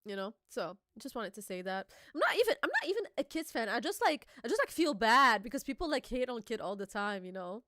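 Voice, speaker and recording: A woman hosting a casual reaction chat, excitable, swearing freely and laughing often. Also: on the high side, fairly quick, few pauses, no echo, studio quality. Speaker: host.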